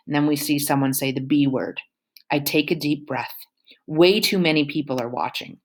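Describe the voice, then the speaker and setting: A woman reads a first-person novel aloud in an expressive, emotional way, voicing the characters' feelings. Her voice sits very low for a woman. It sounds like an audiobook narration. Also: moderate pace. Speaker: audiobook reader.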